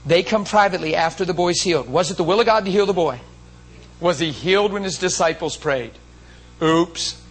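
A man's voice: high voice, fairly quick, husky, low-quality recording. A man preaching a sermon in an emotional, emphatic storytelling manner. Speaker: pastor.

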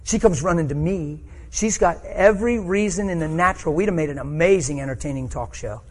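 A man's voice: on the high side, fairly quick. A middle-aged man preaching a sermon, telling a personal story with rising emotion.

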